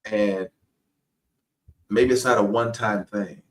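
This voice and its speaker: A man co-hosting a podcast, chatting in a relaxed, colloquial way and often agreeing with his partner. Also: on the low side, slow. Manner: relaxed, colloquial, frequent affirmations. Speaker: podcast co-host. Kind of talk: casual conversation. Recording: distant mic.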